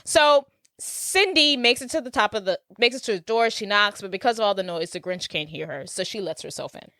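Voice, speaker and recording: A woman's voice: mid-range voice, a little fast, sharp tone, dry recording, studio quality. A woman co-hosting a podcast, casually recapping a movie scene by scene in a chatty, filler-heavy way. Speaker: podcast co-host.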